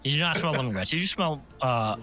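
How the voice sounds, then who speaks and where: A man's voice: mid-range voice, lively intonation, fairly quick. A man narrating a tabletop game as game master, describing scenes in detail and often correcting himself mid-sentence. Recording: slightly muffled stream audio, faint music.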